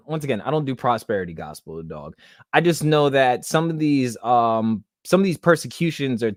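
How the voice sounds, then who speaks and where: In a studio-quality recording free of room sound, a young podcast host talks through a casual monologue, restarting often and fighting back tears. His mid-range voice is expressive and moves at normal speed.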